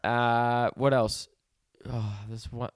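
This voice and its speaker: A man's voice: mid-range voice, level tone, clean tone, dry recording, clean studio sound. A young Australian man co-hosting a casual podcast, chatty and joking as he plugs his tour dates. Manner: chatty, joking, brisk self-promotion. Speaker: podcast co-host, touring comedian.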